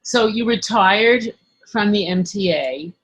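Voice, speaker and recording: A woman's voice: medium pitch, slow, slightly rough. A woman hosting an interview, asking questions and giving short encouraging prompts. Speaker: podcast host. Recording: dull lo-fi recording.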